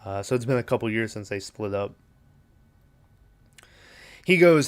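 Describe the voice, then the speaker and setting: A man's voice: lowish voice, expressive, a little slow, smooth. A man hosting a movie podcast, casually retelling a film's plot, quoting lines and swearing now and then. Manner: casual, profane, retells scenes with quoted lines. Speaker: podcast host.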